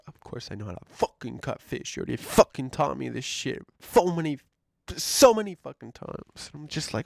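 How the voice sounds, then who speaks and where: A man's voice: medium pitch, big pitch swings, moderate pace, gravelly, no room sound, clean studio sound. A man vlogger delivering a profane, exasperated rant about his job. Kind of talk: ranting monologue.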